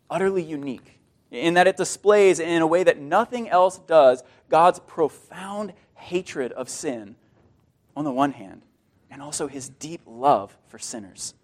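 A man preaching a sermon in an earnest, animated way. His voice sits fairly high for a man. He often repeats a word mid-sentence as he goes. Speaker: pastor.

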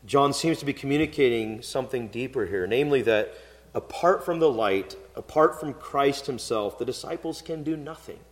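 A man's voice: medium pitch, moderate pace. A male pastor giving an expository sermon in a conversational, storytelling way, with occasional fillers. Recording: long hall reverb.

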